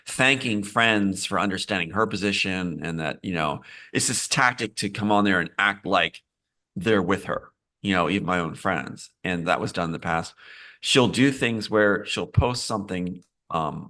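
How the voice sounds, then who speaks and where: A man's voice: deep voice, pushed and bright. A man being interviewed as a screenwriter, talking in a meandering way, often restarting and repeating phrases. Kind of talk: live interview, casual talk.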